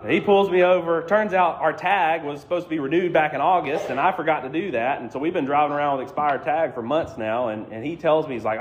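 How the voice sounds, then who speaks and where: A man's voice: on the high side, a little hiss or hum. A man preaching a sermon as a conversational, self-deprecating story. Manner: conversational, self-deprecating, acts out quoted voices. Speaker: pastor.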